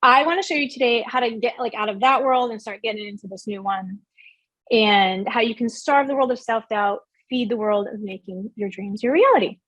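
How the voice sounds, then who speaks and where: Woman, high voice, motivational workshop speaker, earnest and emphatic, dry close sound. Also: brisk, fairly bright tone, dry recording. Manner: earnest, emphatic, asks the audience questions.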